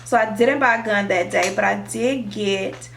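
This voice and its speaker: A young woman vlogger telling a dramatic, profane storytime while doing her makeup, animated and expressive. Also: medium pitch, normal speed, creaky, a little hiss or hum. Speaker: beauty vlogger. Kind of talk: storytime chat during a makeup tutorial.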